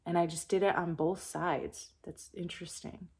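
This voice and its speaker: A young adult woman giving a channeled spiritual message in a calm, soft-spoken, meditative way. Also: lowish voice, normal speed, husky. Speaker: spiritual reader.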